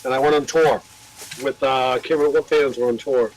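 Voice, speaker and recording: A man's voice: medium pitch, steady tone, a little fast, a little mellow, rough recording. Rambling older man telling stories. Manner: rambling anecdotes, swears, acts out quoted voices. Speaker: record label owner. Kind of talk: casual storytelling.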